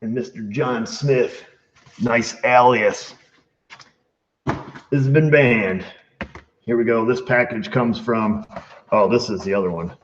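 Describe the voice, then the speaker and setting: A man's voice: mid-range voice, takes it slowly, pauses often. Man, mechanic host, joking mail-call chat, repair shop bay, camera mic, muffled lo-fi sound. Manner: jokey, reads letters aloud with asides. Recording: dull lo-fi sound with faint noise.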